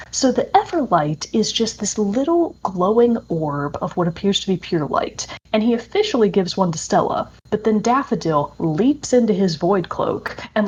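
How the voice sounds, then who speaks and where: A woman's voice: medium pitch, darkish tone, slightly rough. A woman co-hosting a podcast, chatting enthusiastically about video games with many fillers. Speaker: podcast co-host. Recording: dull lo-fi audio.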